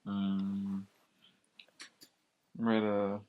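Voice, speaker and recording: A man's voice: on the low side, monotone, drawn-out words, narrow, tinny audio. A man co-hosting a podcast, making short wry interjections in casual chat. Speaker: podcast co-host.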